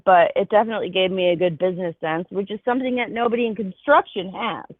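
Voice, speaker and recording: A woman's voice: mid-range voice, fast talker, no echo. A woman chatting candidly on a call, rambling and laughing easily. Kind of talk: casual chat. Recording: tinny phone-like call line.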